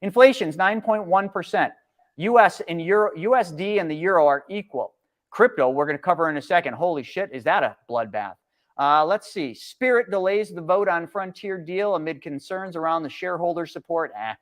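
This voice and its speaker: A middle-aged man with a slightly high voice, co-hosting a live market stream. He talks bluntly and sarcastically, pushing hard on his points and mocking the news. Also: lively intonation, fairly quick. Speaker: co-host.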